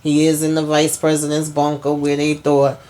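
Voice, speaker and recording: A woman's voice: low-pitched, monotone, normal speed, warm tone. A woman hosting a casual TV episode recap, retelling scenes in a chatty way and often adding "you know" and "okay?". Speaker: host.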